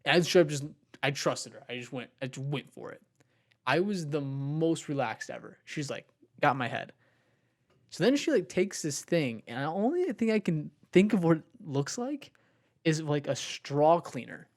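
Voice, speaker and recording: His voice sits on the high side and swings widely in pitch, moving at a normal speed. The young man, a podcast co-host, tells a drawn-out story casually, leaning heavily on fillers and repeated "likes."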